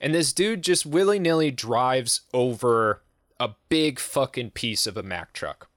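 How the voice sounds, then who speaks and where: Brief: male podcast host, casual profane storyteller, mid-pitched, dry close sound. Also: measured pace, no room sound. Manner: profane, animated, acts out quoted voices.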